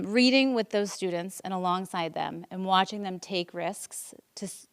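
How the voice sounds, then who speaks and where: A woman's voice: lowish voice, clear, resonant tone. A woman in her forties, a teacher, giving an emotional personal presentation at a school board meeting, earnest, with many ums and restarts. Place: public meeting room.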